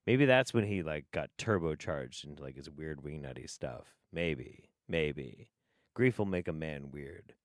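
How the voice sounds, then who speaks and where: This is a man riffing on clips in casual stream commentary. He is sarcastic and swears constantly, and his pitch jumps around in lively swings. His voice sits dry and close on the mic. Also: unhurried, no room sound. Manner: sarcastic, swears a lot, laughs often.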